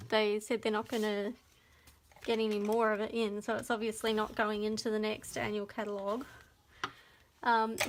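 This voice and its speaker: An Australian papercraft demonstrator gives a live crafting demo, chatting to her viewers as she works. Her voice is on the high side with a fairly bright tone, and there's slight background noise.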